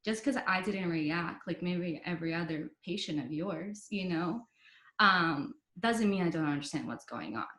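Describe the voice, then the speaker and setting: A woman's voice: on the low side, lively intonation, normal speed, a bit bright. Chatty young woman in an echoey room. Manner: chatty, many fillers like "like" and "you know", quotes others in dialogue. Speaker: podcast guest. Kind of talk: casual storytelling interview. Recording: roomy echo.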